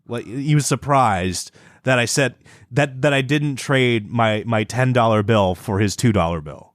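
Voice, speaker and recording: A man tells a ranting, profane story as a podcast co-host. His voice is mid-pitched and recorded dry and close, with no room sound. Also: normal speed, dry recording. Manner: animated ranting storyteller, swears a lot. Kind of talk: casual comedic banter.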